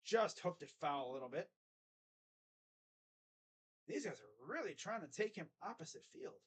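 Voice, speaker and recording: A man's voice: on the high side, normal speed, breathy edge. Chatty young man calling a game. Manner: chatty, rambling, jumps to excited calls. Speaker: fan play-by-play streamer. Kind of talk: live fan play-by-play commentary.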